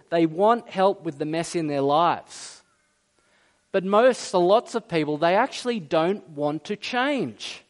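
Guy preaching, chatty sermon, fairly high voice, keeps asking the room questions. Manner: conversational preaching, asks the congregation rhetorical questions; acts out quoted speech in varied voices. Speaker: pastor.

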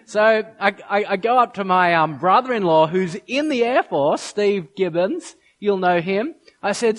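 A man's voice: sits high, normal speed, few pauses. A man preaching a sermon to a church, telling stories and acting out quotes and sound effects. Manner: storytelling, animated, acts out quotes and sound effects. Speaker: pastor.

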